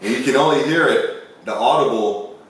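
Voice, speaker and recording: In a fairly bright, medium-pitched voice at normal speed, a man rambles through stories in a casual chat, acting out quotes as he goes. The room is echoey, he is distant from the mic, and there's faint hiss.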